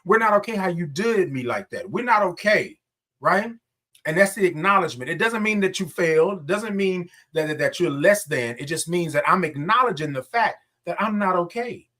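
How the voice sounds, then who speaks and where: A man's voice: high voice, lively intonation, normal speed, sharp tone. A man hosting a casual morning livestream, greeting viewers by name and stretching out his sung greetings. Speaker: livestream host.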